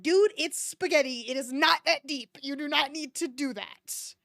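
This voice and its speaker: A woman's voice: high voice, moderate pace, gravelly, bright, forceful tone, dry recording, clean studio sound. A woman streamer reading a fan fiction aloud, breaking off to mock it with sarcastic, swearing asides. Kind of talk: comedic dramatic reading with commentary.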